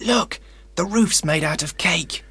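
A man's voice: a little high, a little slow, pushed and bright, husky, pitched above the performer's own voice, exaggerated voice. A man doing a boyish, hungry young Hansel. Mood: curious. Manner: eager, boyish calls.

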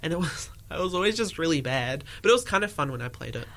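A man's voice: fairly high pitch, expressive, fast, a bit bright. A teenage boy co-hosting youth radio, rambling and self-deprecating with lots of filler words. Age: teens. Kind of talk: casual chat. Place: radio studio.

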